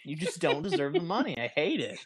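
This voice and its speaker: A man's voice: fairly high pitch, huge pitch swings, fairly quick, slightly rough. A man co-hosting a casual gaming podcast, ranting and mocking himself, laughing often. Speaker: podcast co-host. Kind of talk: casual chat.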